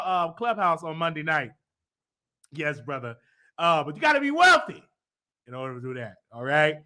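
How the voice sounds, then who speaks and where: A man hosts his own show in a loose, rambling monologue. His voice is bright and forward, full of fillers and restarts, and it breaks into loud teasing bursts. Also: on the high side, sing-song, fairly quick. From United States. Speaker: show host. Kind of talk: casual live-stream monologue.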